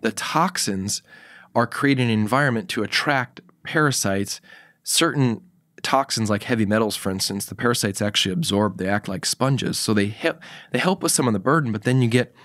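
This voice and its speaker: A man's voice: lowish voice, moderate pace, fairly bright tone, no room sound. A man speaking as a guest health expert in a podcast interview, telling a personal story in a casual way and acting out the quoted dialogue. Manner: casual, acts out quoted dialogue in his anecdotes; fillers and restarts, emphatic.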